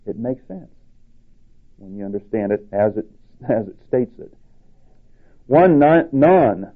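A man preaching a sermon with emphatic delivery, rising in pitch to stress his points. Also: animated, slow. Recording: tinny phone-like sound.

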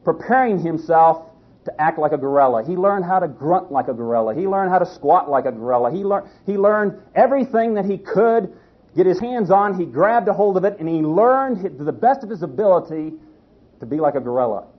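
Husky-voiced folksy preacher. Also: male voice, high voice, lively intonation. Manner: folksy, halting with restarts. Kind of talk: storytelling sermon. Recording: dull lo-fi recording.

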